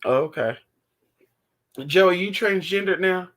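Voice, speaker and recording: A man hosting a casual livestream, answering viewer chat in a sassy, animated way, calling his viewers honey and swearing freely. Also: sits high, unhurried. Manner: theatrical outbursts while retelling stories.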